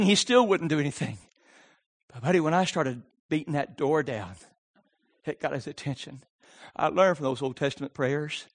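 A man preaching a sermon, swinging from shouted pleading to hushed storytelling. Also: on the high side, moderate pace. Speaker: pastor.

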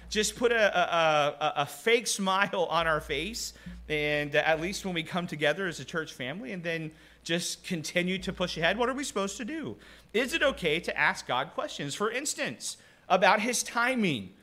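A man's voice: sits high, sharp tone. A man preaching a conversational sermon, asking rhetorical questions and acting out short quoted voices.

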